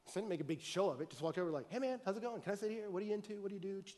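A man preaching with a fairly high voice, jumping from loud, excited bursts to hushed, earnest asides. His words ring out in a large hall with a long, lingering reverb. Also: racing. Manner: animated, swings from loud excited bursts to quiet earnest talk. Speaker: pastor. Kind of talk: sermon with storytelling.

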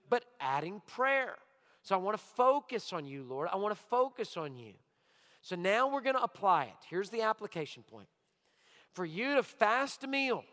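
A man's voice: high voice, sharp tone. A middle-aged man preaching a sermon as pastor, emphatic, repeating his key lines for his congregation. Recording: long hall reverb.

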